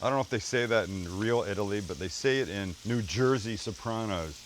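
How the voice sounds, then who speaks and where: A man's voice: on the low side, a little fast, slight background noise. Chatty man hosting a cooking show. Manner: chatty, jokey, talks to the crew and himself while cooking, swears. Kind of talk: casual cooking demonstration. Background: food sizzling in a pan.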